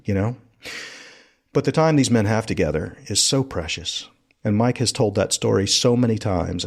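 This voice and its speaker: A man's voice: low voice, vocal fry, a little mellow, husky. A man from South Carolina, hosting a podcast and telling stories in a conversational, scripted narration. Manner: conversational storytelling. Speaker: podcast host.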